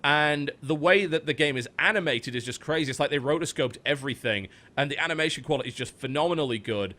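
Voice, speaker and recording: A man's voice: on the high side, fast, pushed and bright. A man hosting a podcast in a casual chat, recommending games with enthusiasm and frequent swearing. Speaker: podcast host.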